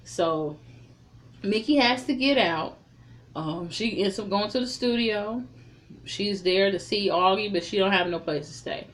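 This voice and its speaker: A woman's voice: medium pitch, a little slow. Blunt, profane woman recapping a film. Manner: profane, blunt, animated storytelling. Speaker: reviewer. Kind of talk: casual recap and commentary.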